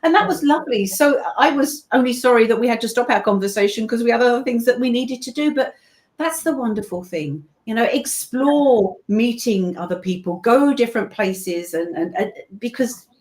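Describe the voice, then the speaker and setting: A woman's voice: fairly high pitch, lively intonation, moderate pace, a little mellow. Chatty British woman narrator. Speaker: guest, voice-over narrator. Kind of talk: casual video-call interview.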